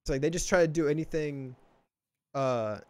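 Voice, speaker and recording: A man's voice: fairly high pitch, normal speed. A young man from Texas hosting a casual podcast chat, rambling with lots of fillers and restarts. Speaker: podcast host.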